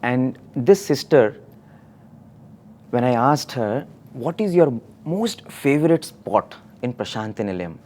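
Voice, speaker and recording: A man telling a devotional story in a conversational discussion, quoting others and laughing softly. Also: medium pitch, very animated, slow pace. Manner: storytelling with quoted dialogue and soft laughs.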